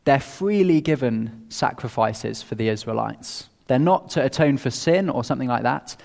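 A man preaching an expository sermon in a measured, earnest way, with small restarts. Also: mid-range voice, gravelly, darkish tone. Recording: long reverb of a large hall.

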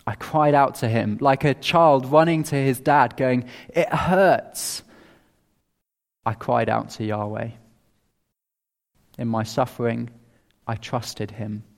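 A man preaching an expository sermon in a measured, earnest way, with small restarts. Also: mid-range voice, fairly even intonation, creaky. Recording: long reverb of a large hall.

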